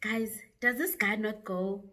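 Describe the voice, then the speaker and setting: A young South African woman telling a story to her viewers in a chatty, animated way, with frequent asides. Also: medium pitch, takes it slowly. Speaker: YouTuber. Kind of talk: casual storytime vlog.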